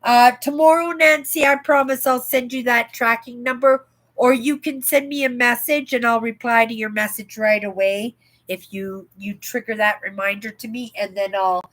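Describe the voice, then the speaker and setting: Older woman host, rambling home livestream chat, slightly high voice, tagging "right?" onto her lines. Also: fairly even intonation, moderate pace, fairly bright tone, low-quality recording. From Canada. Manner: chatty, rambling, often asks "right?".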